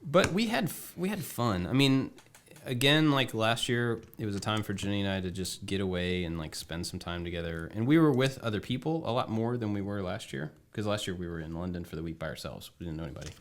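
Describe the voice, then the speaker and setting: Relaxed low-voiced man chatting. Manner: relaxed, halting with fillers. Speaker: podcast co-host. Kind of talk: casual chat.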